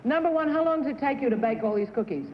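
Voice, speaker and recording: A woman's voice: high voice, animated, quick pace. A woman on a game show panel, gushing and chatty as she questions contestants. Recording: dull 1960s TV broadcast, faint hiss.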